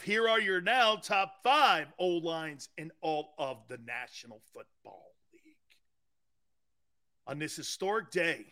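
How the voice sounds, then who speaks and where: A middle-aged man hosting a sports talk radio show, ranting sarcastically and bombastically with bursts of shouting. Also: on the high side.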